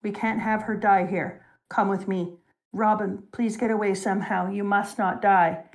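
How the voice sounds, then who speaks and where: A young adult woman hosting a casual talk show, retelling a story with animated, emotional energy. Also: mid-range voice, moderate pace. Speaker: show host. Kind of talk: casual chat retelling a manga.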